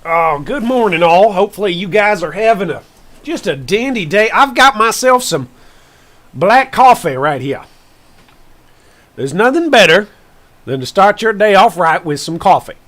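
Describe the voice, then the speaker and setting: Brief: male streamer playing old country farmer, Southern drawl, slow folksy pauses, bouncy high voice. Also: animated, fairly bright tone. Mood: rambling. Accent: put-on Southern US rural. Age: older. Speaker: gaming streamer host in character. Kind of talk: comic character bit on a game stream.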